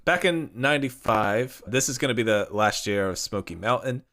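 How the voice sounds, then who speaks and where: A man co-hosting a podcast, recapping a wrestler's career in a steady way with small asides. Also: medium pitch, moderate pace. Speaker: podcast co-host. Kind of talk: reading a career history.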